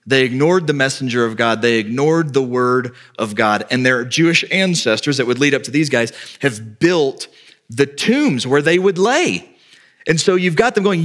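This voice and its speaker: A male pastor preaching a sermon with lively delivery, often acting out quoted speakers in a raised voice. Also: on the high side.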